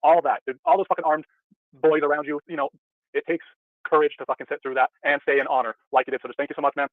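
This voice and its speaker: A man on a panel call speaks earnestly and with gratitude. He talks fast in a fairly high voice. The tinny, phone-like line makes him sound distant. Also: flat delivery, no echo. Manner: grateful, earnest. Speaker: panel guest.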